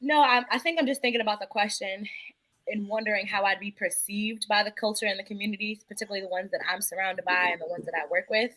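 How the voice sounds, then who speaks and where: Quick, thoughtful woman in a discussion. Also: mid-range voice, fairly even intonation, fairly bright tone, dry recording, poor audio. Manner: thoughtful, reflective. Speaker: nonprofit worker. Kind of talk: casual group discussion.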